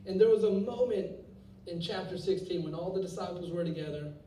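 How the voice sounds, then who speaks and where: A young man preaching a sermon to students, with energetic, conversational delivery and casual asides. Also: sits high, brisk, distant mic, slight background noise. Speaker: youth pastor. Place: church hall. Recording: echoey hall, voice from off-mic.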